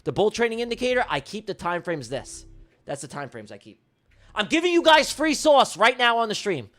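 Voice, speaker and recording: Brash, excitable man with a high, lively voice. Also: fairly quick. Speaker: day trader hosting a livestream. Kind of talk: live trading stream chat.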